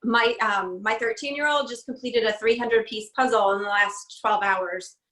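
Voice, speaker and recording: Woman in her 40s on a video call, upbeat and chatty, kinda high voice, echoey room. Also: normal speed, pushed and bright. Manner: chatty, laughs often, upbeat. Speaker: guest, speech pathologist. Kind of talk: casual video call interview. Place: home room. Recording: roomy home video call audio.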